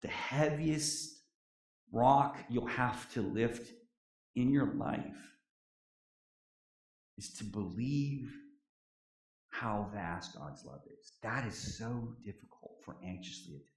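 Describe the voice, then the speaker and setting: Man, chaplain, sermon, emphatic, quiet drops, unhurried, reverberant church. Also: medium pitch, lively intonation. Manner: emphatic preaching that swings between loud declarations and soft, quiet drops. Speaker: prison chaplain and preacher. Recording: echoey room.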